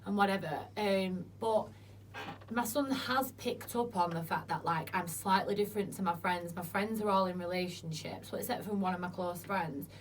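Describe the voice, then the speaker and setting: A woman's voice: on the low side, moderate pace. A woman guest telling frank stories, swearing freely and acting out what people said. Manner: chatty, swears freely, acts out quotes. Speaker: interview guest. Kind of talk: frank casual chat. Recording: distant mic with faint noise.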